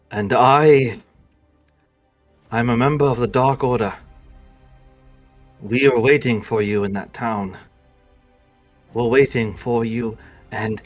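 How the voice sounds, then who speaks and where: A man voicing a grim male dark-order warrior who speaks in measured threats. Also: mid-range voice, lightly acted.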